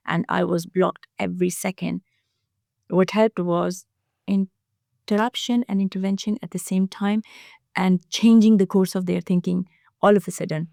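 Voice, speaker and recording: Low, gravelly-voiced foster carer woman. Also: a little mellow, no echo, studio quality. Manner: earnest, halting with frequent fillers and restarts. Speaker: foster carer, podcast guest. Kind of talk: casual podcast conversation.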